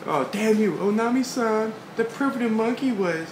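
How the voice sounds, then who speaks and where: Brief: man putting on a proud little samurai boy, raised pitch, formal diction, echoey noisy room. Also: moderate pace, close to an everyday voice. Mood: indignant. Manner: stiff formal speech. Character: haughty eight-year-old samurai boy, prim and proud. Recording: echoey room with background noise.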